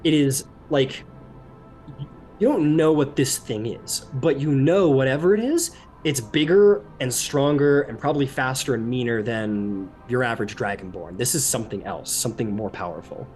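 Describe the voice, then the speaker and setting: Male game master, mid-pitched, loose casual narration with faint music behind. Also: moderate pace. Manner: loose, filler-heavy narration with sudden shouted NPC outbursts.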